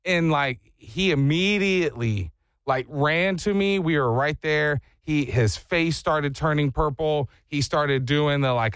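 A man hosting a talk show, telling stories with lively impressions. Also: a little high, a little slow, dry recording. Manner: animated storyteller, mimics people. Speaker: radio show host. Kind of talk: casual chat.

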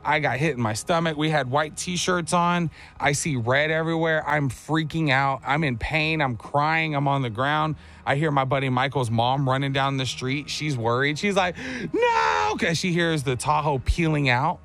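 A man's voice: fairly high pitch, moderate pace, vocal fry, hardly any pauses. A man hosting a show in casual chat, telling stories and acting out the voices in them. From Texas. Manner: animated storyteller, acts out quotes. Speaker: radio show host.

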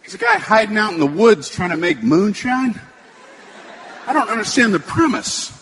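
Brief: man with a very high, lively voice doing stand-up, with the crowd audible behind him. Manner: slow, incredulous, shouted punchlines. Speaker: stand-up comedian. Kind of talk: stand-up routine. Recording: noisy live recording with audience.

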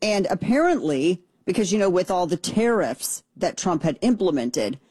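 A woman's voice: lowish voice, very animated, moderate pace, mellow, slightly rough, no room sound. A middle-aged woman hosting casual political commentary, chatty and opinionated, with frequent restarts and asides.

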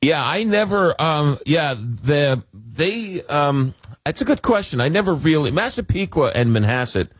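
A man in his fifties from Long Island, New York, hosts a radio call-in show, telling rambling, self-deprecating stories in a casual talk-radio style. His slightly rough voice is a little high with big pitch swings, and he speaks unhurriedly. The studio-microphone recording is dry and studio quality.

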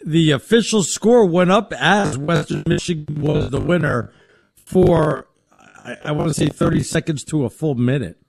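Gravelly, wry male sports co-host. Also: on the high side, lively intonation, normal speed. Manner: wry, sarcastic. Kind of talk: casual sports talk.

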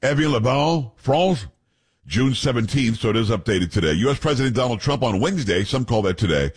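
A man's voice: medium pitch, lively intonation, fairly quick, husky. A man hosting a talk radio show, reading news aloud with blunt opinions and joking asides to his co-hosts.

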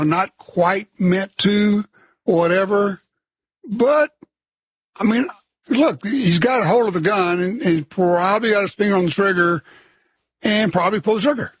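A man's voice: high-pitched, moderate pace, slightly rough, no room sound, poor audio. A man hosting a call-in radio talk show, plainspoken and blunt.

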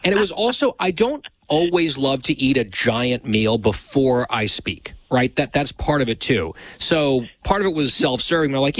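A man's voice: mid-range voice, lively intonation, normal speed, few pauses, dry recording. A man hosting a show, teasing his producer in dry, casual on-air banter. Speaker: show host.

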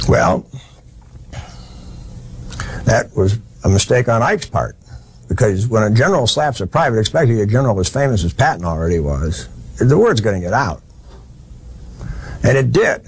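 Guy lecturing on history like he's telling a story, gravelly husky voice, folksy, pitch jumps around a lot. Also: animated, normal speed, long pauses. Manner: folksy, plain-spoken storyteller with frequent restarts.

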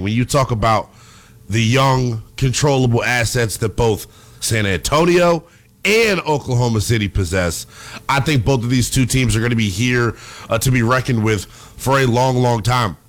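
A man hosting a sports talk program, talking in a lively, chatty way. He gets excitable and animated, riffing casually between points. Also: mid-range voice. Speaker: sports show host. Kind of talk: sports talk show commentary.

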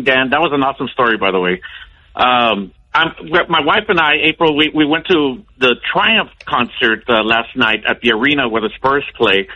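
A man calling in to a radio show, rambling and hesitant as he explains a point. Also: mid-range voice. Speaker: caller. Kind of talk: phone-in chat. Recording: dull lo-fi phone line.

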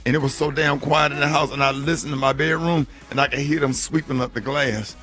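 A man hosts morning radio, bantering with co-hosts in a slightly high, bright voice. He tells animated stories, stumbling and repeating words as he gets going. Faint music sits behind him. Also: a little fast. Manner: animated storyteller, repeats words when excited.

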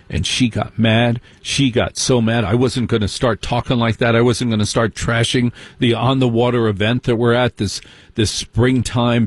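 A man telling a personal story as stand-up comedy, wry and mocking, slipping into quick impressions of other people. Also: medium pitch, no echo.

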